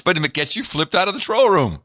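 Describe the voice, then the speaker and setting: Guy hosting a podcast, jokey and mocking, big swooping pitch, dry close mic. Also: sing-song, a little fast, sharp tone, dry recording. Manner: joking, mocking, laughs often. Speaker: podcast co-host. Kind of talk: casual banter.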